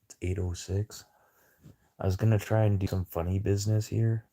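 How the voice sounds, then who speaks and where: A man's voice: fairly low pitch, level tone, normal speed, dark tone. A man livestreaming a casual, rambling chat with viewers over a phone, talking in a blunt, profane way.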